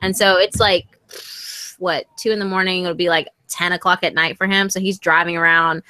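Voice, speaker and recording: A woman with a slight Southern accent, chatting as an interview guest, animated and swearing freely. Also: fairly low pitch, normal speed, clean tone, no echo. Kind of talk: casual video chat.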